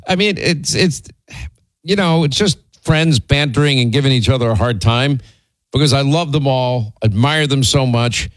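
A man's voice: on the high side, dry recording, low-quality recording. A middle-aged man hosting a radio show, telling stories in a rambling, teasing and exasperated way with many restarts. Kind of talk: casual storytelling chat on air.

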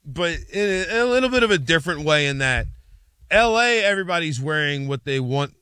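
Animated man from Metro Detroit. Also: on the high side, a little fast, smooth, no echo, studio quality. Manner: animated, storytelling, rambling asides. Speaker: sports show co-host. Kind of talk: casual sports talk chat.

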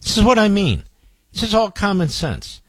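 A man's voice: high voice, wildly swooping pitch, normal speed, husky, no echo. A man hosting a political talk radio show, emphatic and combative, firing off rhetorical questions and reading out ad copy. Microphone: studio microphone.

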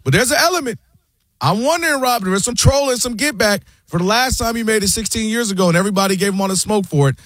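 A man's voice: sits high, quick pace, fairly bright tone, dry recording, studio quality. A man co-hosting a sports talk show, making long, impassioned arguments and addressing his co-host by name. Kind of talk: animated sports debate.

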